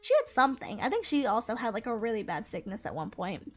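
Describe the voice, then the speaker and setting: A young woman casually telling a story from her life, animated, laughing often and swearing freely. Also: fairly high pitch, quick pace, soft background music. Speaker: gaming channel creator.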